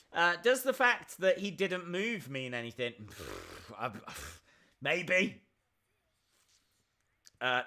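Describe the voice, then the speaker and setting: A man's voice: fairly high pitch, pushed and bright. A man hosting a live reaction stream, chatting and answering viewer questions as they come in.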